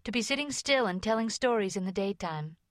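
Woman reading a lively little girl, all exclaiming and eager, dry close sound. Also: medium pitch, fairly quick, no echo, close to an everyday voice. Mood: delighted.

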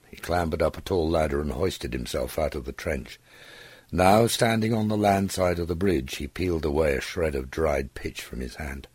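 Male audiobook narrator, very deep voice, husky, lively intonation, dry close sound. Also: moderate pace, dry recording. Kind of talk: scripted narration.

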